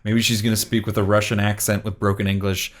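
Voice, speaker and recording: Lower-voiced man with stammering restarts. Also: flat delivery, fast. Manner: stammering restarts, trails off quietly. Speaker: podcast co-host. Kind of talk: casual movie review chat.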